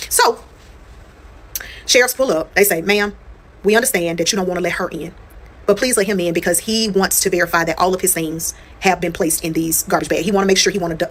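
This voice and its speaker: A woman's voice: fairly low pitch, slightly rough. A woman telling a personal story in casual storytime style. She talks straight to her viewers, swears freely and repeats phrases for emphasis.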